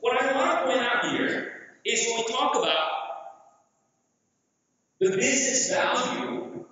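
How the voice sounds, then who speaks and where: A man from Southeast Asia giving a conference presentation, animated and jokey, asking the audience questions. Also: extremely high pitch, unhurried. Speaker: conference speaker. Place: large conference hall. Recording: echoey hall, distant mic, dull sound.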